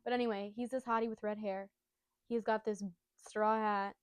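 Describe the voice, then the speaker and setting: A woman's voice: mid-range voice, little pitch movement, moderate pace, smooth, dry recording. A woman casually retelling a comic chapter, bubbly and rambling, full of jokey asides. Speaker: storyteller recapping a manga.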